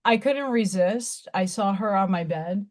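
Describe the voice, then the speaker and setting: A woman hosting a casual craft livestream from her home, chatty, laughing often and cooing baby talk at her cat. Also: mid-range voice. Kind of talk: casual live-stream chat.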